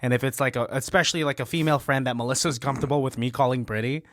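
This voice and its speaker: A man's voice: medium pitch, fairly even intonation, rapid-fire, dry recording. A man co-hosting a podcast, talking in a rambling, hesitant way. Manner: rambling, hesitant, many fillers and restarts. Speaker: podcast co-host. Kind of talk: casual chat.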